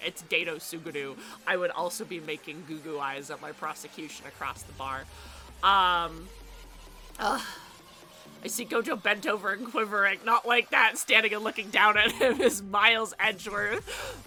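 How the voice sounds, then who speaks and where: A young woman streamer chatting casually and excitedly, a little out of breath and stuffy-nosed. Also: mid-range voice, normal speed, faint music behind. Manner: bubbly, chatty, excitable greetings. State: stuffy nose. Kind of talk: casual live-stream chat.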